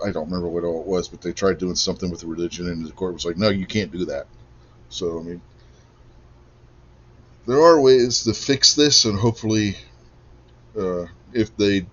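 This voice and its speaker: A man in his forties hosting a podcast in a casual political chat, blunt and opinionated and swearing freely. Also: lowish voice. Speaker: podcast host. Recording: dull lo-fi sound.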